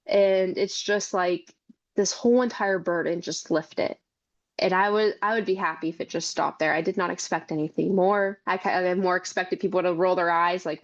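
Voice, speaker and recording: A woman's voice: lowish voice, highs cut off. A young woman, a mother and caregiver, speaking earnestly as a podcast guest and telling her story in long run-on sentences. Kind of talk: conversational interview.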